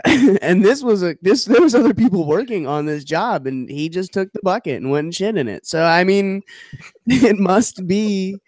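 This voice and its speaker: A man's voice: sits high, moderate pace, a little mellow, no echo, studio quality. A man co-hosting a podcast in casual chat, joking, laughing easily and thinking aloud with fillers. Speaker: podcast co-host and quiz contestant.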